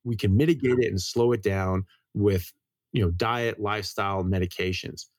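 A man's voice: on the low side, moderate pace, dry recording. A middle-aged man speaking as a doctor in a casual interview, telling stories at speed and often repeating words as he restarts his phrases. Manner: lively storyteller. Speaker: guest, medical doctor.

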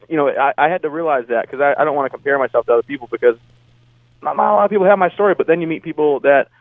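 A man's voice: mid-range voice, dry recording. A man, an army veteran and motivational speaker, talking earnestly and plainly in an interview. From United States. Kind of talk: casual interview talk. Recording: tinny phone line, dry.

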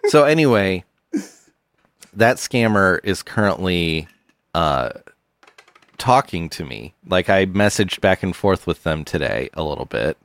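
Very deep-voiced man, dry close sound. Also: dry recording. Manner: deadpan storytelling, low-key and unhurried. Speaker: podcast co-host. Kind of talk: casual comedic chat.

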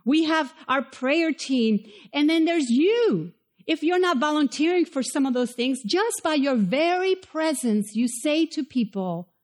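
A woman pastor preaching a sermon in a chapel, emphatic and preacherly, with quick asides to the congregation. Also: sits high, lively intonation. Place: church chapel.

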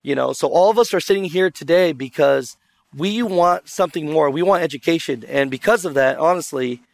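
Upbeat panel speaker, a man with a slightly high voice who acts out quotes and polls the crowd, dry close sound. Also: brisk, gravelly, no room sound. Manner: animated storyteller who acts out other people's lines and quizzes the audience. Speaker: trucking video creator on a conference panel. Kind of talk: lively conference panel talk.

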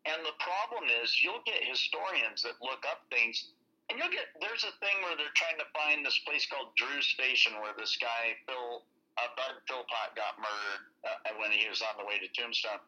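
A man's voice: medium pitch, moderate pace, bright, forceful tone, lo-fi sound. A man chatting as a podcast guest, rambling loosely with lots of fillers. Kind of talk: casual interview chat.

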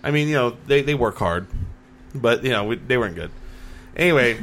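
This is a young man hosting a casual podcast chat. He tells his stories with energy and acts out what other people said. His voice sits at an ordinary pitch. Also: moderate pace, a little hiss or hum. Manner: animated storyteller, acts out quotes. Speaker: podcast host.

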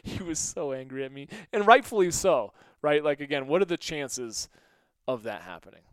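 A middle-aged man hosting a podcast, telling funny stories in a casual monologue and acting out quotes in a higher voice, laughing often. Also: normal speed, clean tone, dry recording, clean studio sound. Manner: animated, acts out quotes with raised pitch, laughs often. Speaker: podcast host.

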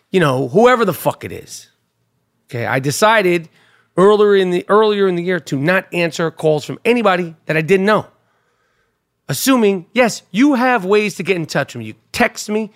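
A man with a high-pitched voice talks through a casual solo monologue as a podcast host. He rambles and swears freely. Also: fairly bright tone. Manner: profane, rambling storyteller. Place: New York.

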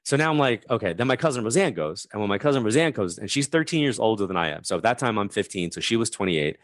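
A man's voice: lowish voice, animated, quick pace, no echo, studio quality. A man in his fifties, a guest telling a story in conversation and acting out the voices of the people in it.

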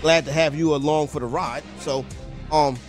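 A man's voice: fairly high pitch, fairly even intonation, moderate pace, faint music behind. A man hosting a sports radio show, chatting casually with loose, enthusiastic banter. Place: radio studio.

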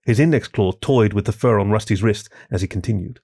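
Gravelly male storyteller, dry close sound. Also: fairly low pitch, brisk, few pauses, darkish tone, no room sound. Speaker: story reader. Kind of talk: scripted narration.

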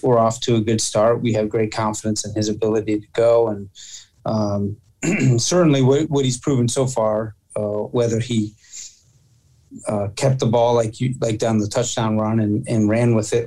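A man, a football coach, answering interview questions in a halting way, restarting and repeating words often. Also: fairly low pitch, dark tone, poor audio.

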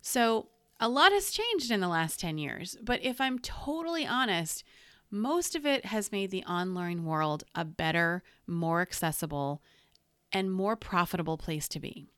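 A woman's voice: fairly low pitch, expressive, a little slow, fairly bright tone, smooth, no room sound, studio quality. A woman hosting a solo podcast from home, talking in a candid, conversational and encouraging way into a podcast microphone. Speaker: podcast host.

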